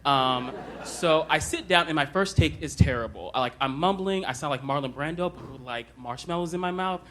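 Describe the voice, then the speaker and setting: A man's voice: on the high side, normal speed, fairly bright tone, slight background noise. A young man telling a comic personal story on stage at a live show, conversational and self-deprecating, with many ums. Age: young adult.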